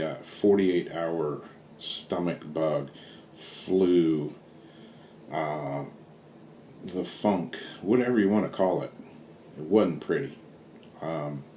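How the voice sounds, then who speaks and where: A middle-aged man with a Southern US accent telling stories in a relaxed, rambling vlog, full of fillers. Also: sits low. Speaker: vlogger. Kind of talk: casual storytelling vlog. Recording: roomy with faint background hiss.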